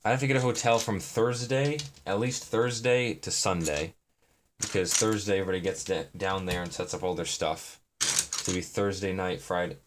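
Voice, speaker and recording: A man's voice: low voice, moderate pace. A young man chatting in a meandering, self-deprecating way on a live stream while he builds. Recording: noisy, with keyboard and brick clicks.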